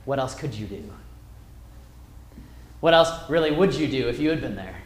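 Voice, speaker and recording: A man teaching a Bible class, reading verses aloud and retelling the story with wide swings in loudness. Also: mid-range voice, lively intonation, moderate pace. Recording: echoey room.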